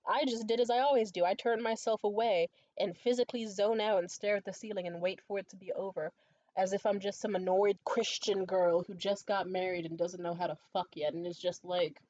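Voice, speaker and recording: A woman's voice: mid-range voice, darkish tone, dry recording. A tired young woman ranting in a casual monologue, profane, exasperated and rambling. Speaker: stand-up comedian. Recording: muffled lo-fi recording.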